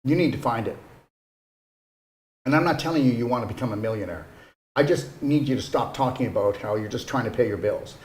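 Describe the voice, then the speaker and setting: A man's voice: medium pitch, lively intonation, fairly quick, pauses often, a little mellow. Earnest man in an echoey room. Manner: earnest, coaxing, with frequent "okay?" asides. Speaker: wellness retreat host. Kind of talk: casual motivational talk.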